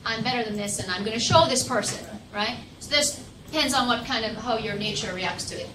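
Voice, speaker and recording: High-voiced Jamaican woman lecturer, animated. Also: fairly quick. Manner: animated storyteller, lively when retelling scenes. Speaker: lecturer leading a class discussion. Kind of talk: classroom discussion, storytelling. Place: classroom. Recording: echoey classroom, distant mic, noisy.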